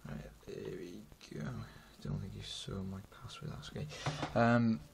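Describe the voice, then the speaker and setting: A Welsh-accented young man in his late teens casually demos an app he built at home, rambling and putting himself down. His voice is fairly low, gravelly and steady, he speaks unhurriedly, and background noise can be heard.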